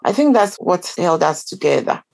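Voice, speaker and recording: A woman's voice: fairly low pitch, big pitch swings, normal speed, gravelly, darkish tone. A middle-aged woman, a guest on a podcast, speaking in an earnest, encouraging way. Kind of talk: casual conversation.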